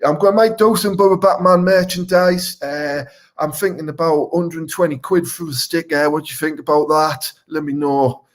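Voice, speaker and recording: A man's voice: fairly high pitch, fairly even intonation, normal speed, lightly acted. A man playing a sweary Teesside vigilante hero. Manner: rambling, sweary, threatening. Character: crude, boastful male local superhero wannabe. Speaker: comic superhero character. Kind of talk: live comedic Q&A in character.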